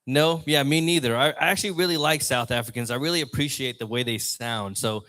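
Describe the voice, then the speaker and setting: A man's voice: mid-range voice, a little fast, bright, forceful tone. A man doing a loose, rambling stand-up set on a lounge stage mic. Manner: rambling, loose, chatty delivery. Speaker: open mic comedian.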